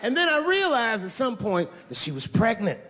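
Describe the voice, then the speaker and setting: Male stand-up comic on a big stage, lively swooping delivery, long hall reverb, loud crowd laughter. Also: very high voice, normal speed. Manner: animated, profane, puts on voices for quoted people. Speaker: stand-up comedian. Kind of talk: stand-up storytelling. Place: large theater stage before a live audience. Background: audience laughter.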